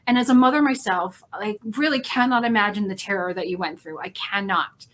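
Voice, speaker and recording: An emotional woman hosts a casual interview chat over a video call. Her talk is effusive and heartfelt, and she rambles through plenty of "like" and "you know" at a mid-range pitch. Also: a little fast, a bit bright. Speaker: host.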